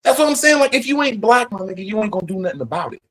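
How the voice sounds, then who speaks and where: A man's voice: high voice, big pitch swings, very fast, a bit bright, poor audio. A man hosting a livestream, talking in a profane, rambling, emphatic casual rant. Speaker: livestream host.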